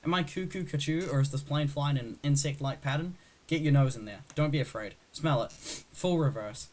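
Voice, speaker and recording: A young man speed-reading a film script aloud, rushing and barely acting the parts. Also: on the high side, a little mellow, rough recording. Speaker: script reader.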